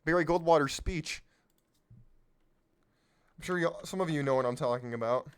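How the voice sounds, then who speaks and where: At a moderate pace, a smooth male voice on the high side delivers an improvised political monologue as a podcast host. He presses his points emphatically, throws rhetorical questions at listeners, and sometimes loses where he was going.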